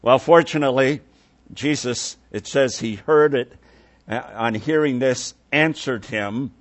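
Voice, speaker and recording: A male preacher delivering a sermon at a slow, deliberate pace. He lingers over his words, sinks into hushed low tones when he quotes, and lifts his voice when he presses a point. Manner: unhurried, drops to soft low tones for quoted words, swells when emphatic.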